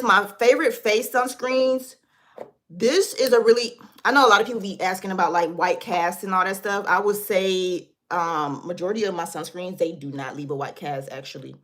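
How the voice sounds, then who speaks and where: A woman's voice: fairly low pitch, fairly bright tone. A woman hosting a casual beauty livestream from her desk, chatting loosely and talking straight to her viewers while reading their comments.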